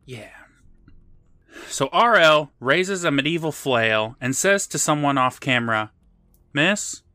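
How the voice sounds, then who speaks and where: Lively-voiced podcast co-host man. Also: mid-range voice, measured pace, no room sound, clean studio sound. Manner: swearing, laughing, retelling scenes. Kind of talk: casual recap chat.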